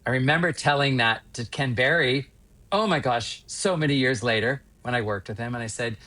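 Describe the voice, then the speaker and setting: A man in his fifties from Western Pennsylvania, a stage actor telling winding, animated anecdotes as a podcast guest. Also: mid-range voice, brisk. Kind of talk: casual interview storytelling.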